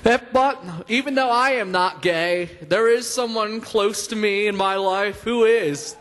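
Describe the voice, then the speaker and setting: Young male stand-up comic, high voice, rambling and filler-heavy, laughs at own jokes, long hall reverb. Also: a little slow, fairly bright tone. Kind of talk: stand-up comedy set. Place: stage in a hall.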